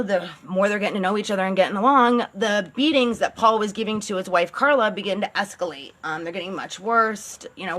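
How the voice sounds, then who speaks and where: A woman's voice: medium pitch, sharp tone. A woman telling a true-crime story as a channel host, in a casual, blunt, sarcastic way, swearing now and then.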